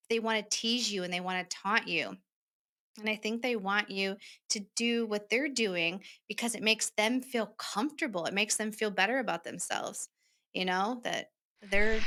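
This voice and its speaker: A woman hosting a podcast, talking casually and chattily, acting out what people said. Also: medium pitch. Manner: chatty, animated, acts out quoted remarks. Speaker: podcast host. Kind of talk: casual solo podcast talk.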